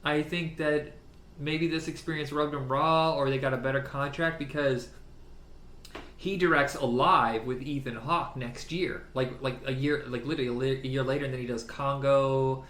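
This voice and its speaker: A man co-hosting a podcast, chatting casually about films, animated and freely swearing, laughing often. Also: medium pitch, normal speed. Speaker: podcast co-host. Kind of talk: casual film chat. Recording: roomy with faint background noise.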